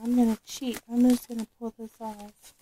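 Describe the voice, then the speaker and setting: A woman with a sore, recovering throat, chatting casually as she unboxes a doll, halting with frequent ums. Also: fairly high pitch, little pitch movement, warm tone, husky, low-quality recording. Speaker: vlogger unboxing a reborn doll.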